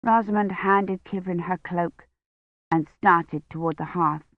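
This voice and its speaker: A woman narrating an audiobook in a measured, steady way. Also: fairly low pitch, no room sound, narrow, tinny audio. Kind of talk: scripted narration.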